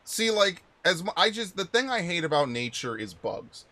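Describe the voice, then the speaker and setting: A young man streaming a video game, chatting casually with viewers and rambling through stories with sudden loud outbursts. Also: sits high, sing-song, moderate pace. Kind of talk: casual live-stream chat while playing.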